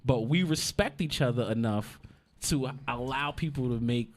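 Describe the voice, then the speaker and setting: A man's voice: mid-range voice, normal speed, slight background noise. A man with a New York-New Jersey urban accent co-hosting a casual podcast, laughing often and making his points earnestly and with emphasis. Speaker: podcast co-host. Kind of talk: casual banter.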